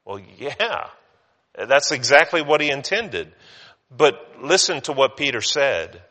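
Bright-voiced preacher in a reverberant hall. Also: male voice, mid-range voice, sing-song, slow. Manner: conversational preaching, acts out voices of people in scripture. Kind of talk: sermon.

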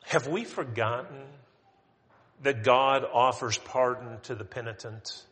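A man's voice: medium pitch, steady tone, slow, a bit bright, slightly rough, in a large hall. A man preaching a sermon to his congregation, conversational and emphatic, rising on his questions.

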